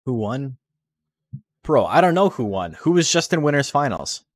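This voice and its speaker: A man's mid-range, sing-song voice at normal speed, captured in a dry recording, carries loose live-stream commentary on a game. A tournament commentator, he jokes and rambles, uses "like" heavily, and swears without restraint.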